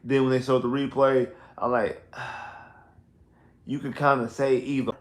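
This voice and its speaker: This sports talk livestream host speaks in a mid-range voice, flat and slow, ranting casually after the game in an emphatic, repetitive way that turns heated and exasperated. His home streaming setup with headphones gives a roomy sound.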